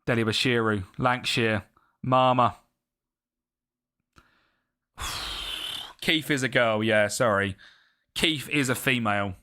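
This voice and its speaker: A man streaming a football management game, commentating live and chatting with his viewers. He gets excitable and yells at the match. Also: mid-range voice, slow, long pauses, smooth.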